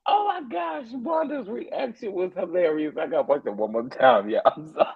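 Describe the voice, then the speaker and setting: A man hosting a casual gossip chat, excitable and quick to repeat himself. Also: sits high, creaky, phone-quality sound. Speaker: host.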